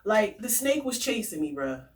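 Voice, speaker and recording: A woman vlogger telling stories and ranting in a casual, animated way, swearing freely. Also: mid-range voice, normal speed, distant mic. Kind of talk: casual storytelling rant.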